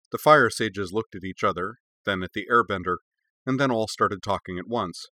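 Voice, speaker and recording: Male story narrator, steady and measured, lowish voice, dry close sound. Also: no room sound. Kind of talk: audiobook reading of fiction.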